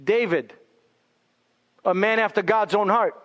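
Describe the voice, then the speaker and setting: A male pastor preaching a sermon in a church sanctuary, emphatic and deliberate, often dropping to a hushed tone. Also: high voice, muffled recording. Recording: long hall reverb.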